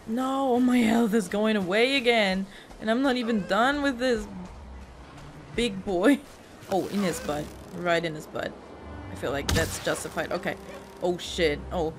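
A woman's voice: medium pitch, lively intonation, takes it slowly, slight background noise. A woman giving live, panicky let's-play commentary, swearing, laughing and pleading with an enemy in the game. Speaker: gaming YouTuber. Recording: game music playing behind the voice.

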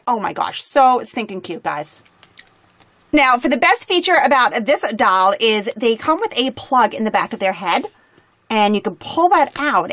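A woman's voice: medium pitch, fairly bright tone, no echo. A woman hosting a toy unboxing, gushing and chatty as she opens and reviews dolls.

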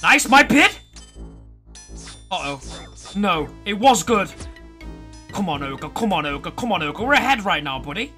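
A man streaming a game live, excitable and swearing as he reacts and talks to his chat. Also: high voice, a little slow, long pauses, soft background music. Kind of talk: live gameplay commentary to chat.

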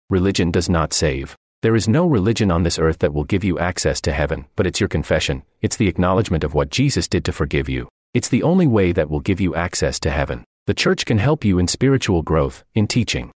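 A man's voice: low voice, a little mellow, no room sound. A man voicing a translated radio sermon, preaching earnestly and emphatically with repeated phrases, close to the mic.

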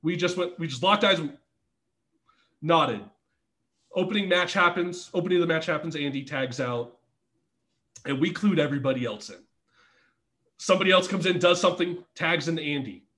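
Laughing, storytelling man with a higher voice. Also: moderate pace, long pauses, a bit bright. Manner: laughs through his stories, swears freely. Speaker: podcast guest, former pro wrestler. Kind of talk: casual storytelling chat.

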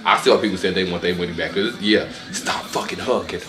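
A man giving sassy, animated reaction commentary on fight highlights, full of exclamations and sudden squealed outbursts. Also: fairly quick, hardly any pauses, roomy sound, over music. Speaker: reaction video host.

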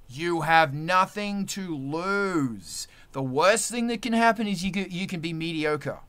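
A man's voice: high-pitched, lively intonation, unhurried, hardly any pauses, sharp tone, smooth. A man hosting a musician's live stream, ranting bluntly with lots of swearing. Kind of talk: profane casual rant.

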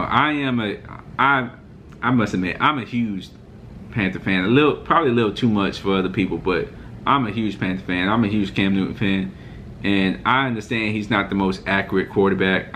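Brief: fired-up male vlogger with a lower-pitched voice and a mocking, ranting delivery, faint hiss behind him. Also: a bit bright. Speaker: sports reaction vlogger. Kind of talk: heated reaction rant.

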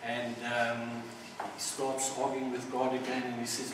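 A man's voice: medium pitch, monotone, a little slow. A man giving an informal community speech with a joke, hesitant, with many ums and restarts. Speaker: community speaker. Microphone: distant mic. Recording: echoey hall from far off with background noise.

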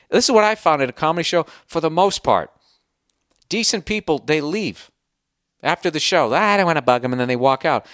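A man's voice: mid-range voice, fairly bright tone, dry recording, studio quality. A man hosting a solo podcast, answering listener email in a heated, sarcastic, profane rant. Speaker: podcast host.

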